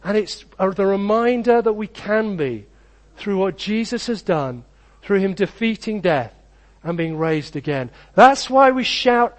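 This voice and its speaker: High-pitched guy pastor, earnest sermon, reads a kids story then preaches in repeating phrases.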